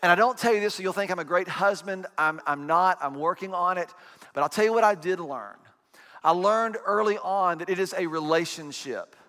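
Male pastor, 40s, bright ringing voice, chatty storytelling sermon, long hall reverb. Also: sits high, a little fast. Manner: chatty, self-deprecating storytelling. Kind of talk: conversational sermon. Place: church sanctuary.

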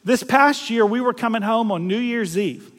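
A middle-aged man from South Louisiana, preaching a storytelling sermon in a folksy, animated way, acting out voices and laughing at himself. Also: extremely high pitch, normal speed, long reverb tail.

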